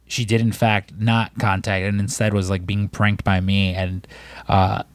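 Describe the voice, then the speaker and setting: A man's voice: lowish voice, level tone, measured pace, dry recording. A man on a podcast telling a long, rambling story in casual chat, swearing and acting out what people said. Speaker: podcast co-host.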